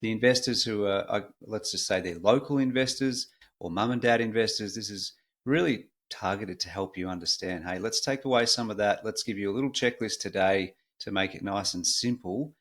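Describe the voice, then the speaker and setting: Australian man, podcast host, casual chatty delivery, slightly low voice. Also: normal speed. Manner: relaxed, chatty, with frequent fillers.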